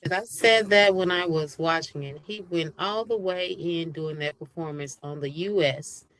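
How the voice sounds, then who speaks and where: A woman's voice: fairly low pitch, normal speed, a bit bright, rough recording. A woman co-hosting a podcast in casual chat, making wry joking asides.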